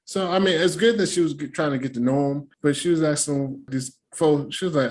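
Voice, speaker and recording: A man's voice: on the high side, fairly quick, few pauses. A man hosting a reaction video, recapping a reality show in casual, profane, slangy commentary. He laughs often and slips into playful impressions.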